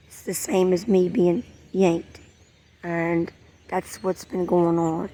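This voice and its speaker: A woman's voice: fairly low pitch, darkish tone. A woman sharing her faith in an earnest vlog, repeating phrases and sometimes dropping to a whisper. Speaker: vlogger.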